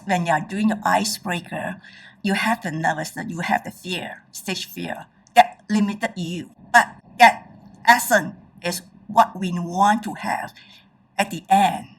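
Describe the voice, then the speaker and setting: A woman's voice: medium pitch, creaky, a bit bright, recorded from a distance, poor audio. A woman giving a presentation on public speaking as a trainer. She speaks emphatically and keeps checking in with her audience.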